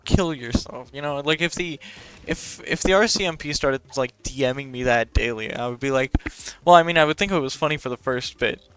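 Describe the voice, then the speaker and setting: A man's voice: medium pitch, a little fast, hardly any pauses, a bit bright, clean tone. A young man, talking in a casual, rambling and profane way as a podcast host.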